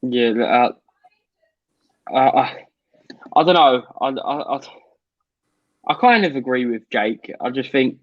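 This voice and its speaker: A man's voice: medium pitch, expressive, a little slow, pauses often, no echo. Hesitant British man on a dull dry mic. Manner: hesitant, stammers when pressed. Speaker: co-host. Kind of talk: casual debate.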